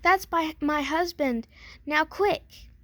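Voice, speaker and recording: A woman voicing a huge, lonely giantess in a storybook reading, booming and fussing. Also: slow, a bit bright, no room sound.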